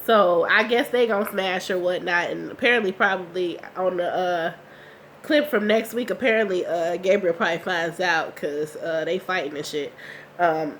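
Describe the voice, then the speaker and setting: A young woman recapping a TV episode from her couch, chatty and slangy with quick asides. She sounds unwell, her voice a bit rough. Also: medium pitch, fairly bright tone, slight background noise. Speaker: TV recap vlogger. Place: at home on a couch.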